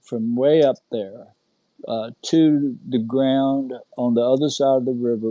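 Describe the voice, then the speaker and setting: A middle-aged man with a Southern American accent, earnestly telling his own story in casual talk, with halting fillers and restarts. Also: medium pitch, warm tone, no room sound, rough recording. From North Carolina, USA. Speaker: guest telling his experience. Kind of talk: casual storytelling on a live audio chat. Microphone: home mic on an online audio space.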